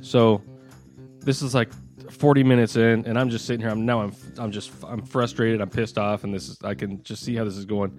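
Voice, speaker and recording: A man's voice: fairly low pitch, fairly even intonation, a little fast, darkish tone, faint music behind. Rambling man telling a story. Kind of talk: casual chat.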